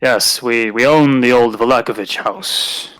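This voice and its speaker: A boastful warrior atop his beast, as a man voices him in a tabletop game, formal and proud of his deeds. The voice sits mid pitch, close and dry, with faint music behind. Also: a little slow, a bit bright, clear, resonant tone, dry recording, natural voice. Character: proud adult male warrior riding a beast.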